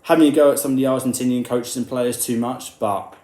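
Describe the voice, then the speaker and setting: A man talking through a sports controversy in an indignant, animated way, now and then slipping into mocking voices when he quotes others. His voice sits at a middling pitch. The sound bounces around an echoey room. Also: brisk. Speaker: rugby news commentator. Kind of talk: opinionated commentary video.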